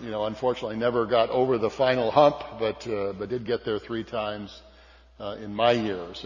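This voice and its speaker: An older man from California telling a folksy, self-deprecating story to an audience, with frequent fillers and restarts. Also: fairly low pitch. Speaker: speaker. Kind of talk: storytelling speech. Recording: dull sound with long hall reverb.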